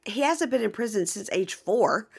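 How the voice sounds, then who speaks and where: A woman co-host speaks casually, reacting fast with questions and agreement. Her voice is gravelly with a husky edge, and she sits at a middle pitch. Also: lively intonation, darkish tone. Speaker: podcast co-host. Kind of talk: casual chat.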